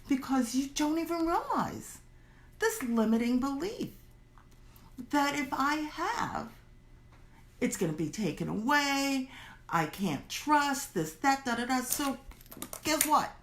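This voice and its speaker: A woman teaching a workshop in a chatty, animated way, acting out the worried inner voices of her listeners. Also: high-pitched, slow, long pauses. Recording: roomy echo.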